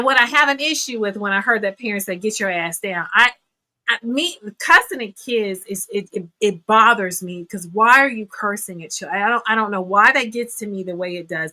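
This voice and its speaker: A woman's voice: mid-range voice, normal speed, pushed and bright. A woman in her fifties, a therapist speaking bluntly and emphatically in a podcast discussion, hammering her points home. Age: 50s.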